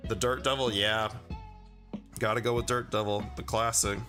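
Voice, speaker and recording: A man's voice: on the low side, fairly even intonation, moderate pace, music in the background. A man livestreaming while he paints miniatures, rambling casually with lots of fillers and chuckling as he answers his chat. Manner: rambling and chatty, full of fillers and chuckles, reads chat aloud.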